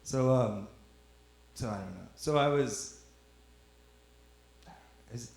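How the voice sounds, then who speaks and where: A man's voice: medium pitch, slow, gravelly, darkish tone. A young man doing a rambling stand-up set, teasing the audience in a loose, drawling way on a club stage. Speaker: stand-up comedian. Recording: echoey club room.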